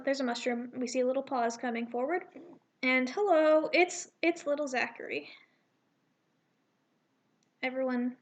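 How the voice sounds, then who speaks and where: A woman casually reading through her draft comic aloud, voicing the characters and adding rambling, self-correcting asides. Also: high voice.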